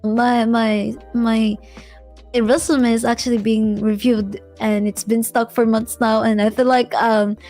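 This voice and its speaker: A woman's voice: on the high side, level tone, a little slow, darkish tone, soft background music. A young woman guest on an interview show, chatting casually, laughing often and hesitating with fillers. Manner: giggly, hesitant, lots of fillers.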